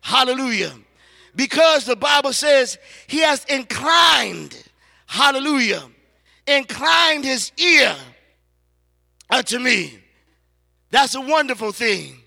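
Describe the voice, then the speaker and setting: A man preaching a sermon to his church, stretching out words slowly and calling out hallelujah between phrases. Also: very high-pitched, expressive, gravelly, pushed and bright. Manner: preaching with frequent hallelujahs and slow emphatic phrases. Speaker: pastor. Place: large church sanctuary. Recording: long hall reverb.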